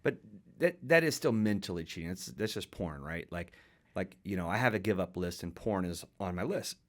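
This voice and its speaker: A man's voice: deep voice, expressive, normal speed. A man hosting a casual podcast, talking in an enthusiastic, jokey way.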